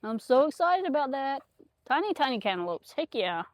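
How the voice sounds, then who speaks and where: A woman's voice: high-pitched, very animated, a little fast, no room sound. A woman chatting casually outdoors in her garden, rambling with lots of fillers. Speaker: homesteader vlogger. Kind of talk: casual chat.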